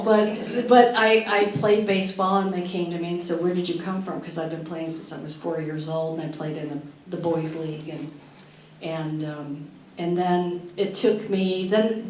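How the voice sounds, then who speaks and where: A middle-aged actress telling an animated anecdote at a panel, acting out the voices she quotes and laughing often. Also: fairly low pitch. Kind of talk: lively anecdote at a museum panel. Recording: distant roomy hall with faint noise.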